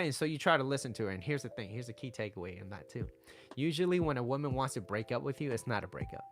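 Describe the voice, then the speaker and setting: A man's voice: mid-range voice, expressive, fast. Blunt man giving dating advice. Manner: blunt, emphatic, tags lines with "right?" and "okay?". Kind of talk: direct-to-camera advice monologue.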